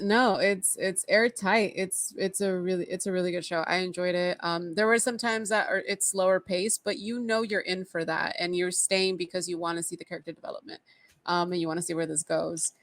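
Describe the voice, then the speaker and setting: Woman, lowish voice, casual podcast chat, blunt, dry sound. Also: steady tone, moderate pace, fairly bright tone, dry recording. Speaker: podcast co-host.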